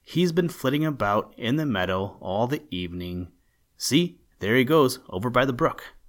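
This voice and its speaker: A man voicing an old, white-haired male pixie fiddler in a storybook, speaking slowly and solemnly. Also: medium pitch, lively intonation, natural voice. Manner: slow, solemn.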